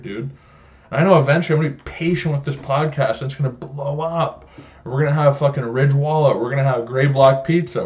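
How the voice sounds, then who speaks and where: A man's voice: medium pitch, a little mellow. Swearing young man ranting. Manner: profane, joking storyteller, laughs often. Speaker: podcast host. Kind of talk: casual solo podcast rant. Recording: dull lo-fi home podcast audio.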